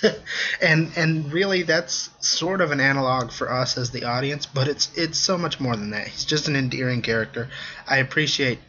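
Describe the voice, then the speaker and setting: Bright-voiced man chatting about films. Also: mid-range voice, normal speed, muffled recording. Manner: chatty, hesitant with many ums and restarts. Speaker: podcast co-host. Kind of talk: casual film review chat.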